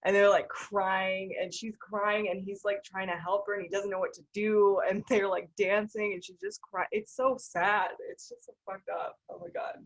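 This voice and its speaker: Animated woman discussing a film. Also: medium pitch, normal speed, hardly any pauses. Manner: animated, talks through ideas with many fillers. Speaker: podcast co-host.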